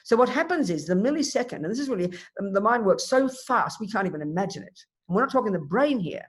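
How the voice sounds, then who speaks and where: A woman teaches a dharma talk with emphatic, animated delivery, leaning on vivid everyday examples. Her voice is husky and a little breathy, sitting at a middle pitch. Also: fast. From Australia. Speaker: Buddhist nun teacher.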